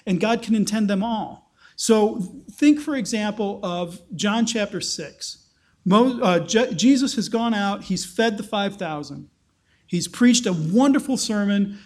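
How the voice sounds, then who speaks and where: A man's voice: sits high, darkish tone. A man preaching a conversational Bible-teaching sermon, explaining and acting out quotes.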